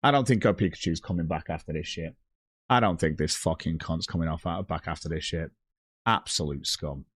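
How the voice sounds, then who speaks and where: A man's voice: sits low, a little fast, husky, dry recording. A man ranting on a livestream, blunt and heavily profane, reading out chat messages. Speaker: streamer.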